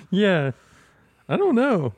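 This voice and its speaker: A young man hosting a casual chat, laid-back, laughing often and pausing on fillers. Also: high voice, wildly swooping pitch, darkish tone, slightly rough, no echo. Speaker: host.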